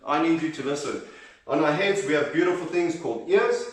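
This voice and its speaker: A slightly high male voice with lively intonation and a brisk pace leads a kids' fitness session, counting repetitions and offering cheerful encouragement. He's occasionally out of breath, and the audio is distant and very echoey.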